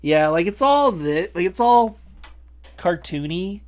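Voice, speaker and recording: A man's voice: sits high, lively intonation, slow pace, darkish tone. A man in his late thirties hosting a podcast, telling a rambling, self-mocking story with laughs. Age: late 30s. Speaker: podcast host. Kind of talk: casual podcast chat.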